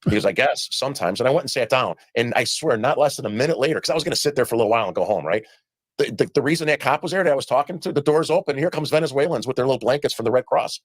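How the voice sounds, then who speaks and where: Fast-talking man telling a story. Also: medium pitch, expressive, dry recording. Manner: rapid storytelling with quoted dialogue. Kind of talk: storytelling in a played interview.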